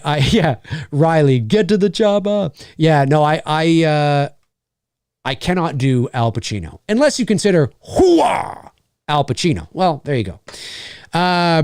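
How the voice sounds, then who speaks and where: A man's voice: mid-range voice, dry recording. A middle-aged man, a voice actor, chatting casually with viewers in a livestream Q&A. He rambles and restarts often, and speaks into a studio microphone in a home recording studio. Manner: animated, rambling with frequent restarts.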